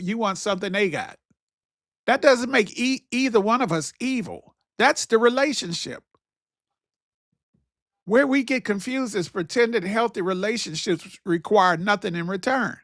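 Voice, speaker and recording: A man's voice: sits high, gravelly, a bit bright, no echo. Preachy man musing in a dry room. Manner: preachy, conversational, repeats phrases. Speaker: podcast host. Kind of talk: casual monologue.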